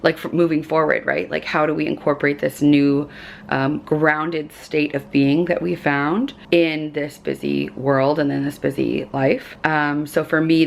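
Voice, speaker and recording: A woman chatting casually in a lifestyle vlog from her hotel room, her voice going hoarse, with lots of fillers. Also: sits low, slight background noise. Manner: chatty, filler-heavy, upbeat. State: losing her voice. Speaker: lifestyle vlogger.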